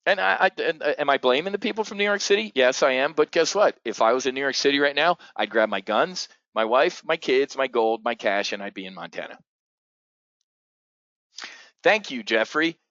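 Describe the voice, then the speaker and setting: A man's voice: medium pitch, animated, normal speed, fairly bright tone, no room sound. A blunt, rambling man hosts a casual live trading briefing, swearing freely and jumping between points. His voice sits mid-range, and the recording is dull and lo-fi with a dry, close sound. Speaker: options trading host.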